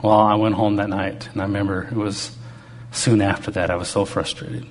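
A man's voice: on the low side, flat delivery, fairly quick, slight background noise. A man preaching to a congregation, telling stories from his own life in a conversational, humorous way. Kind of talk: testimony-style sermon.

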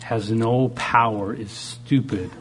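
A man's voice: mid-range voice, fairly even intonation, slow, husky. A man preaching a sermon, shifting dramatically in tone and acting out the voices he quotes. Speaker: pastor.

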